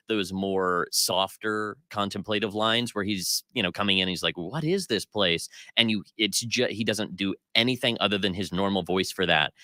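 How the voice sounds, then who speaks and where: A man with a very low voice that still cuts through with a bright, forceful edge. He co-hosts a casual pop culture podcast and critiques at length, opinionated and full of fillers. The sound is dry and close. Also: smooth, no room sound. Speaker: podcast co-host.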